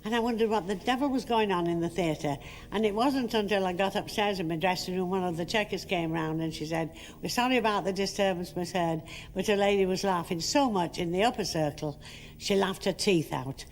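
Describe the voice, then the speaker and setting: Older woman, animated storyteller, echoey room tone. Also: medium pitch, brisk, a little hiss or hum. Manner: lively storytelling, acts out quotes. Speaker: interviewee, actress. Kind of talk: reminiscing interview.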